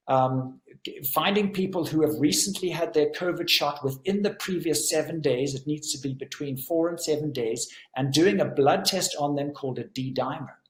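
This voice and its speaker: A man's voice: a little high, echoey room. A man speaking as a physician guest in an interview, explaining earnestly and with emphasis.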